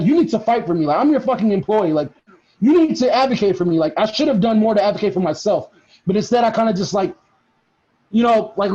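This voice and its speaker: Brief: young man, high voice, animated storyteller who swears a lot, dull lo-fi audio. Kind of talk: casual chat. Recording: dull lo-fi recording.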